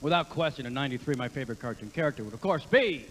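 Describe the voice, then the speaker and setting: A man doing a stand-up comedy set as an impressionist, brash and quick with his jokes and given to cursing. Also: medium pitch, expressive, big-room sound, a little hiss or hum, rough recording.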